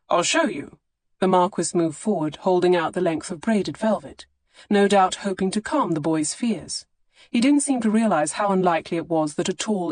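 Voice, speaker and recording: A woman narrating a historical romance audiobook in a measured, expressive reading on a close studio mic. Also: fairly low pitch, no echo. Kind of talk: scripted narration.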